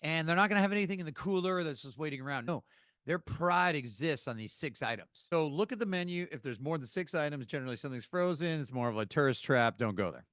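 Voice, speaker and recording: Smooth-voiced American man giving tips. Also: fairly high pitch, a bit bright, dry recording, studio quality. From United States. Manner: emphatic, chatty advice-giving with asides. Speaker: podcast host. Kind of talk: casual podcast monologue.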